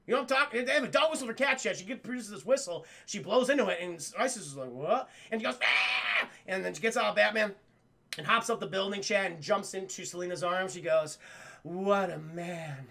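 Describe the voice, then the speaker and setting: Gravelly, excitable man recapping for chat. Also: high-pitched. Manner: profane, excitable storyteller who keeps addressing chat; acts out the characters' lines in quick voices. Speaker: streamer reviewing a cartoon. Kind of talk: casual livestream recap.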